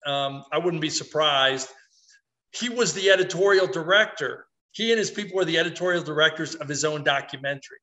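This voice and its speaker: A middle-aged man hosting a casual sports talk podcast, animated and rambling, poking fun at himself. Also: fairly high pitch, a little fast. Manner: animated, rambling, self-mocking. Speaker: podcast host.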